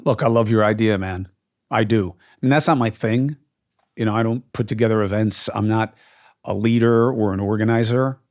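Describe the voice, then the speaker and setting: Low-voiced man hosting a podcast. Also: moderate pace, darkish tone. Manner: emphatic, frequent fillers. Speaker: podcast host. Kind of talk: opinionated casual talk.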